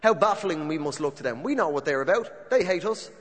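A man's voice: fairly high pitch, expressive, fairly quick. A man doing stand-up comedy on stage, musing with rhetorical questions. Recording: long hall reverb, faint noise.

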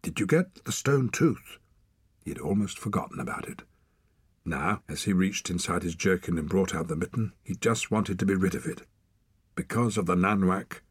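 A man narrating an audiobook in a dramatic, expressive way, sometimes dropping to a hush. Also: deep voice, slightly rough, dry recording, studio quality. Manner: dramatic, expressive, hushed at times.

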